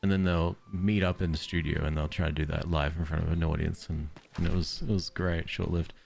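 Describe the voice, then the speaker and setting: Brief: low, gravelly Aussie bloke, relaxed let's-play chatter that wanders into tangents, soft music behind. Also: male voice, brisk. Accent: Australian. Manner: rambling, tangent-prone storytelling. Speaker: streamer. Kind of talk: casual gameplay commentary.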